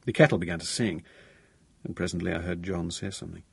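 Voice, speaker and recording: A man narrating a first-person audiobook in a measured, grave way, recorded close in a dry studio booth. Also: sits low, steady tone, gravelly, breathy edge, no echo.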